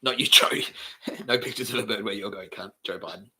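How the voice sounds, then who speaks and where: A man's voice: fairly quick, bright, forceful tone, breathy edge, poor audio. An Australian man hosting a podcast, delivering a rambling comedic monologue full of swearing and giggles. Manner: profane, giggling, wildly swinging pitch. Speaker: podcast host.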